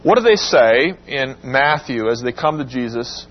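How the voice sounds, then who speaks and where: With lively intonation and a measured pace, a man teaches an interactive Bible class, asking the class questions and voicing the quotes dramatically as his pitch rises. It comes through a dull lo-fi recording with a faint hum.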